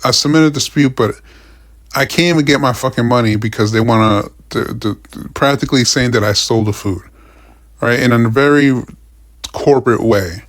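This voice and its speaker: A man's voice: medium pitch, no echo, clean studio sound. A young man ranting casually about his week, profane and frustrated, rambling with many restarts. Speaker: vlogger. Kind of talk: casual rant.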